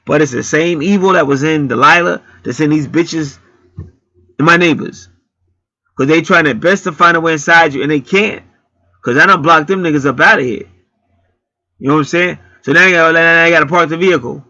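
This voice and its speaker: A man's voice: on the high side, gravelly, sharp tone, no echo, muffled recording. A man hosting his own channel, telling stories in a blunt, profane, heated rambling monologue. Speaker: channel host.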